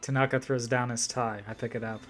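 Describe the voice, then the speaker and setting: A man's voice: mid-range voice, flat delivery, a little fast, soft background music. A man playing through a visual novel, reading its lines aloud with casual, swearing commentary. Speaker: let's player.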